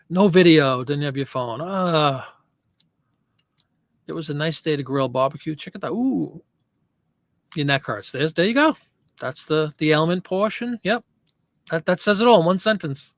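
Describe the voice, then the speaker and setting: A man's voice: a little high, a bit bright, dry recording, clean studio sound. A man hosting a casual live stream, chatting loosely and answering viewer comments as he rambles. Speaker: host.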